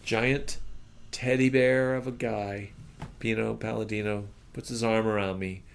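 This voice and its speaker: Gravelly-voiced drummer telling a story. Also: male voice, lowish voice, flat delivery, unhurried. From United States. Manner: acts out the people in his stories, voice jumping up for quoted lines. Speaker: drummer and interview guest. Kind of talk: animated storytelling in casual chat.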